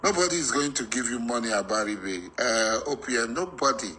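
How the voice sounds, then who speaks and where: A middle-aged Nigerian man giving a heated, defiant monologue, repeating himself and rising to shouts. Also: mid-range voice, lively intonation, fairly quick, slight background noise, poor audio. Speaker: political activist.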